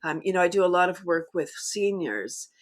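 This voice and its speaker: A middle-aged woman who leads laughter yoga, talking as a guest in an animated way and often breaking into demonstration laughs. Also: fairly low pitch, normal speed. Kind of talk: conversational interview.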